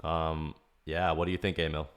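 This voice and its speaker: A man's voice: a bass voice, level tone, moderate pace, a bit bright. A man hosting a livestream, chatting casually while giving feedback on music demos. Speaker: streamer giving demo feedback.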